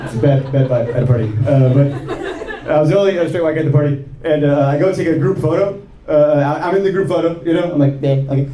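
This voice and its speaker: A man doing a stand-up comedy set, self-deprecating, with quick asides and acted-out quoted voices. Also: fairly high pitch, warm tone. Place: comedy club stage before a laughing audience. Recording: echoey live room with crowd noise.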